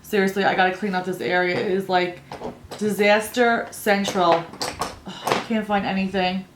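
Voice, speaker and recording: A woman in her thirties talks her way through a makeup tutorial, wandering off into chatty family stories and laughing at them. Her voice sits at an ordinary middle pitch, and it rings a little in an echoey room. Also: steady tone, moderate pace, noisy background. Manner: rambling, storytelling, laughs at own stories. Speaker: beauty vlogger.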